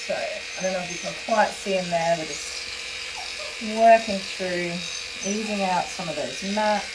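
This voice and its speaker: Calm woman groomer over loud clippers. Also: fairly low pitch, a little slow, heavy background noise. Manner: calm, gentle, reassuring. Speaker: dog groomer. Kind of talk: explaining while working, soothing a dog. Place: grooming salon. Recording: distant mic, loud clipper buzz.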